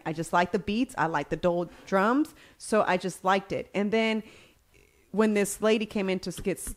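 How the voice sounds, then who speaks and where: Texan woman, co-host, bubbly storyteller. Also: medium pitch. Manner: animated, laughing storyteller. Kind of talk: casual storytelling.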